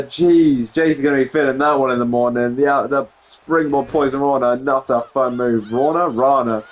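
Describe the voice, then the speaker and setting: A young man commentating a wrestling video game in casual play-by-play, excitable, often saying "jeez" and correcting himself mid-sentence. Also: mid-range voice, moderate pace, few pauses, a little hiss or hum, low-quality recording.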